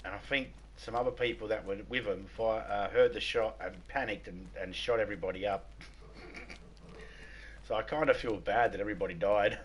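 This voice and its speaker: Rambling Australian gaming streamer. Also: male voice, fairly low pitch, a little fast, a little hiss or hum. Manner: rambling, repeats words, laughs at own stories. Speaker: livestream host. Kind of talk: casual gaming livestream chat.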